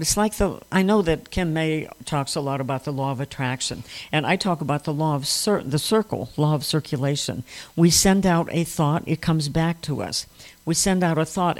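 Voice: medium pitch, a little mellow. A minister giving an informal sermon on prayer to a small audience in a room, folksy and joking, rambling with restarts.

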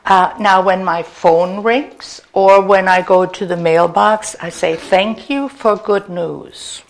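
A woman giving a gentle, conversational inspirational talk to a congregation. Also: mid-range voice, steady tone. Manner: gentle, unhurried, conversational with fillers. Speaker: spiritual speaker.

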